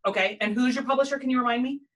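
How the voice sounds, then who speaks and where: A woman's voice: sits high, very fast, fairly bright tone. A woman hosting a casual interview podcast, asking curious, probing questions. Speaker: podcast host.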